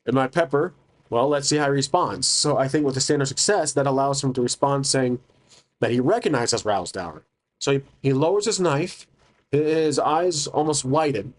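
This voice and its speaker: A man's voice: medium pitch, normal speed. A man narrating a solo tabletop game, thinking aloud hesitantly with many restarts.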